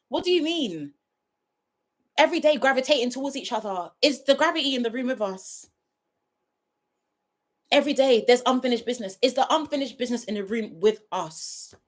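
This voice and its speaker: A woman hosts a casual live review, talking straight to her audience. Her voice sits fairly high and moves expressively up and down. She often dissolves into laughter as she goes. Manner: animated, often breaking into laughter, talking to viewers directly. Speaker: reality TV reviewer hosting a livestream. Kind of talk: casual chat.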